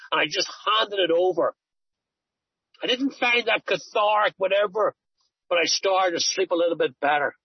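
A middle-aged man tells his recovery story in an earnest, rambling way, often circling back on his words. His voice is husky and sits a little high for a man. The recording is dry and dull. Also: no room sound. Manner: earnest, storytelling, repeats himself. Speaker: recovery speaker. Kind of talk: personal testimony talk.

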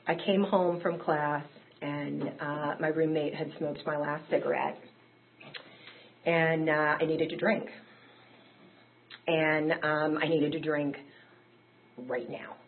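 A woman telling her own recovery story in a candid, conversational way that rises into emotional peaks. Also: deep voice. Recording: tinny phone-like audio.

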